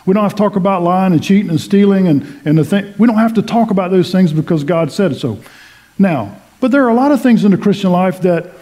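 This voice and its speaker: A man's voice: high voice, lively intonation, brisk, dark tone. A middle-aged man preaching a sermon, telling folksy stories with asides to the congregation. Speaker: pastor.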